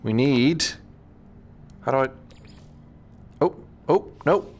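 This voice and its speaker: A British man casually commenting as he plays a VR game, chatting to himself with quick exclamations. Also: medium pitch, darkish tone. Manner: chatty, talks to himself while playing, exclamations. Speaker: gaming channel host.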